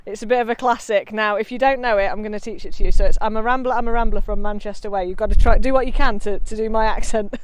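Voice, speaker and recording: A chatty woman from Derbyshire, England, speaking at a middle pitch as she teaches a song to her singing group. She is out on a breezy hillside, talking into a phone with plenty of restarts. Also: fairly even intonation, fast, few pauses, dry recording. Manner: chatty and warm-hearted, with frequent restarts. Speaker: community singing leader. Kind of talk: casual song teaching to camera. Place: outdoors on a hillside, a little windy.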